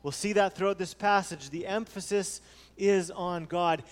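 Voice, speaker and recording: A man preaching a sermon earnestly, repeating key phrases and swinging between soft low passages and raised emphatic ones. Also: moderate pace. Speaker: pastor. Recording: long hall reverb.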